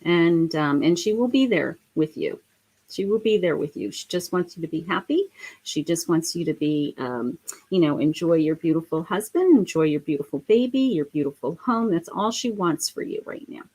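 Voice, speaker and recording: A middle-aged woman giving a live psychic reading, speaking gently and emotionally with many pauses and fillers. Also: lowish voice, animated, husky. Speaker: psychic medium.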